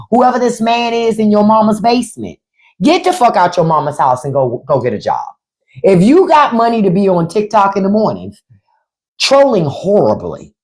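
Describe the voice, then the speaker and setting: With a mid-range, darkish-toned voice, a woman hosting a livestream speaks bluntly and profanely to viewers. She repeats lines for emphasis and gets sarcastic during her unscripted commentary.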